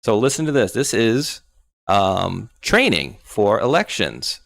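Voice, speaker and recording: Gravelly-voiced man hosting a livestream. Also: lowish voice, sing-song, slow, fairly bright tone, no room sound, clean studio sound. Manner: rambling, jokey storytelling. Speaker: livestream show host. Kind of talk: casual livestream chat.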